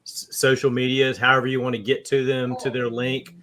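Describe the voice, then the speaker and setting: A man co-hosting a casual sports show, giving an earnest, halting plug full of uhs. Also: mid-range voice, level tone, noisy background. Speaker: podcast co-host.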